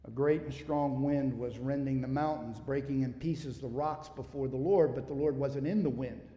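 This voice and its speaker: A man preaching a sermon, building to emphatic, forceful peaks and then dropping to quiet, low asides. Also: normal speed, lo-fi sound. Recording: echoey hall, long reverb.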